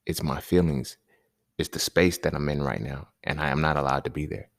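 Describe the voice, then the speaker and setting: A man's voice: rumbling low, steady tone, a little fast, vocal fry, dry recording, studio quality. A man hosting a podcast, talking in a casual, emphatic monologue full of slang and repeated points. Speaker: podcast host.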